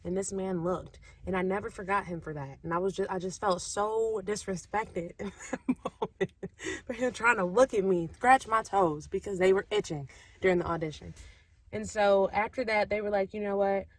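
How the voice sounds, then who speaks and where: A young woman vlogging, telling a casual story to the camera and acting out what other people said in a lively way. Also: medium pitch, moderate pace. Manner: lively, animated, acts out other people's lines.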